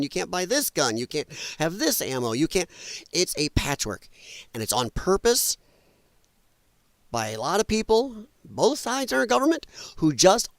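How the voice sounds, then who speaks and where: In a heated political livestream, a man with a high voice rants angrily and bluntly, swearing now and then as he works at his computer. The recording is dry.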